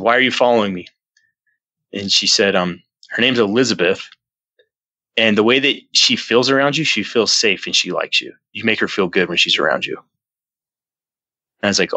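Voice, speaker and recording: A low-pitched man with a bright, forceful tone tells his own story as a podcast guest in a dry, close recording. He rambles earnestly, restarting his sentences often. He jumps up in pitch when he acts out his own past words. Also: normal speed, pauses often, dry recording, poor audio. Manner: earnest, rambling retelling with frequent restarts and fillers; acts out his own quoted lines in a jumpy, raised voice. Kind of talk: casual storytelling in an interview.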